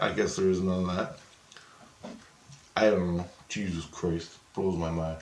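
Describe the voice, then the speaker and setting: A man's voice: low-pitched, steady tone, measured pace, long pauses, a little hiss or hum. A man ranting in an agitated, profane monologue about his spiritual experiences, heavy on swearing. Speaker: vlogger. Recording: echoey room.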